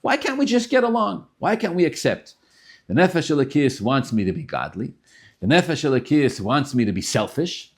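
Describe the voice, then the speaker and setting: A man teaching a Tanya class in an animated way, often repeating himself and restarting phrases. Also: on the high side, normal speed, husky. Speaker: Torah teacher.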